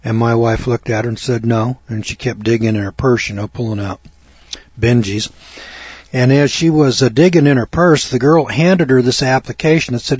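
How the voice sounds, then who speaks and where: An older man telling a long folksy story in a rambling talk, with many fillers and throat clearing. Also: mid-range voice, moderate pace, a little mellow, no echo, highs cut off. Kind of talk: rambling spoken monologue.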